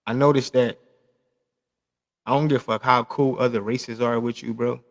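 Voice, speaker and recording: Gravelly Los man ranting casually. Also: mid-range voice, steady tone, normal speed, big-room sound. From South Central Los Angeles. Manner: loose, profane, emphatic, repeats himself. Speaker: vlog host. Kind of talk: casual monologue to camera.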